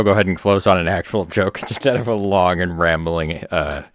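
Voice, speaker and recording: Comedy podcast co-host, deep-voiced man, dry and deadpan, rambling tales. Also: moderate pace, no room sound. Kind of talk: casual comedy podcast chat.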